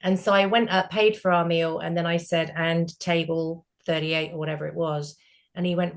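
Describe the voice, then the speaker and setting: A middle-aged woman with a British accent, hosting a group discussion and telling stories in a casual, animated way, acting out the voices of people in them. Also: fairly low pitch, a little fast, vocal fry. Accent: British English. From Britain. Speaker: group session host.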